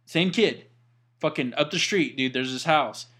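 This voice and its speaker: Bright high-voiced young man. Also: a little slow. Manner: profane, animated storytelling with heavy swearing. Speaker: friend telling stories. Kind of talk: casual chat.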